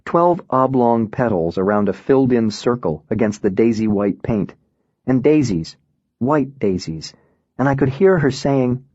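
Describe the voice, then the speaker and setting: Husky man reading a novel aloud. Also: medium pitch, animated, a little slow, darkish tone, no echo. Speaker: audiobook narrator. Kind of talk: first-person novel reading. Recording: dull, dry lo-fi recording.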